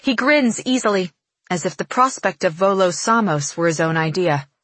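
A woman reading first-person fiction aloud in a measured, expressive way. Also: on the low side, dry recording. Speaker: audiobook narrator.

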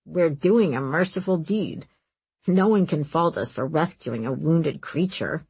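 A woman voicing a cheerful, mischievous young male prince who studies magic, with a low, hushed delivery. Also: animated, measured pace, vocal fry, breathy edge, no echo, exaggerated voice. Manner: cheerful, then hushed and conspiratorial.

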